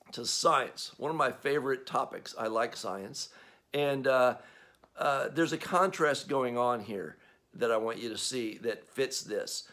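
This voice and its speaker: A man's voice: mid-range voice, fairly bright tone. A man with an Australian accent preaching a sermon as pastor, in a conversational way with frequent fillers.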